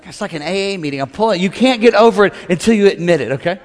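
A man's voice: sits high, lively intonation, fast talker, in a large hall. A middle-aged man preaching a humorous sermon in a church, playful and joking, acting out voices and calling on the crowd to respond. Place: large church sanctuary.

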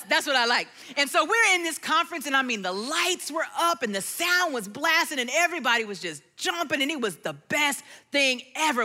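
A middle-aged woman giving a sermon testimony, telling her story expressively, dropping to hushed tones and singing bits of lyrics. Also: high-pitched. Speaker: worship leader giving testimony.

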